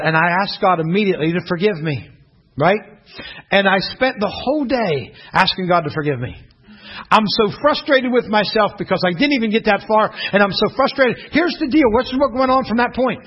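A middle-aged male preacher from western Pennsylvania, telling a personal testimony in an animated sermon and often asking the audience questions. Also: high-pitched, brisk, husky, dull audio. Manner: animated storytelling, with repeated rhetorical questions to the audience.

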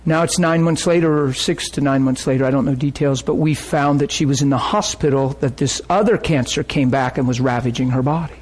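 A male pastor telling stories in a sermon, animated, acting out the people he quotes and breaking into high cries when excited. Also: brisk, few pauses. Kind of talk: sermon storytelling.

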